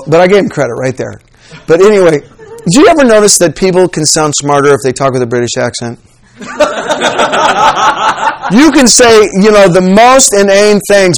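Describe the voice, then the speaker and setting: A man preaching a humorous sermon, animated and joking as he acts out examples for his church audience. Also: high-pitched, normal speed. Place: church with slides.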